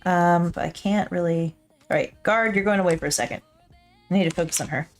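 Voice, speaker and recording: A woman's voice: lowish voice, brisk, faint music behind. A woman artist thinking aloud while she draws, chatty and self-deprecating, joking to herself into her desk mic. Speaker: digital artist streaming her work. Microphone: her own desk mic with a pop filter.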